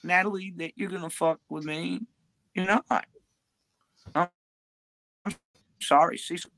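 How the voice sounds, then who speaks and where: A woman's voice: fairly low pitch, steady tone, unhurried, a bit bright. A woman livestreaming, talking in a crude, profane, drawling ramble.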